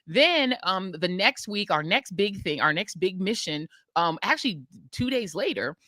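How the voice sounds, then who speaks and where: A middle-aged American woman chatting on her podcast, her voice bright and forceful. She tells stories with energy and slips into the voices of the people she quotes. The sound is dry and close. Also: medium pitch, unhurried, dry recording. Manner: animated storytelling, acting out quoted voices. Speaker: podcast host. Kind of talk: casual chat.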